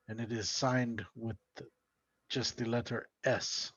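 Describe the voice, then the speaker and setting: Measured man on a dull mic. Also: medium pitch, flat delivery, a bit bright, husky. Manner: reads a formal letter aloud in a measured way. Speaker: player. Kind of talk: tabletop game play over voice chat.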